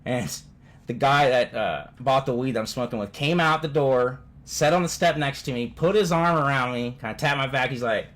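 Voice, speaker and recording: A man's voice: medium pitch, normal speed. A man vlogging from home, telling rambling stories full of swearing and constant "dude"s. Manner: animated, swears constantly, says "dude" often. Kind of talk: profane casual storytelling.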